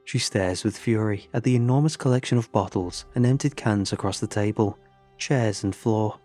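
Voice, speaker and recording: A man's voice: on the low side, normal speed, dark tone, soft background music. A man narrating a first-person horror story in an earnest, tense way.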